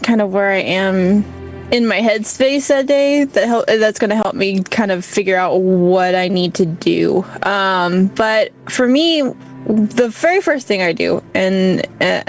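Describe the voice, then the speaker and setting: A woman with a mid-range voice talks casually on a live stream. She thinks aloud and reaches for words with lots of "like" and "you know." Soft music murmurs behind her. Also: mid-range voice, low-quality recording. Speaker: co-host and role player.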